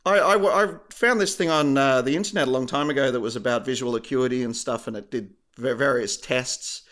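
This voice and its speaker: A man chats loosely on a podcast, wandering off topic and swearing casually. His pitch sits mid-range for a man, and his talk stays easygoing. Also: a little fast, fairly bright tone. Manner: rambling, joking, swears casually. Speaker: podcast co-host. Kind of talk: casual chat.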